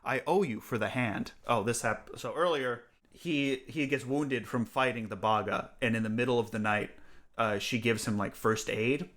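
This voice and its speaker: A man in relaxed podcast conversation, sardonically summarizing a fantasy novel and poking fun at its lines. He speaks at an ordinary middle pitch, with the loose, filler-heavy rhythm of friends talking. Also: moderate pace. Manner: wry, sarcastic retelling with frequent "like" fillers. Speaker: podcast co-host. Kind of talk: casual book-club chat, reading aloud and summarizing.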